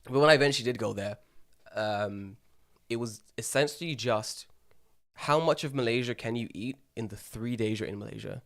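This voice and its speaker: A young man co-hosts a casual podcast chat, telling animated stories, swearing freely and acting out what people said. He speaks at a medium pitch and a moderate pace.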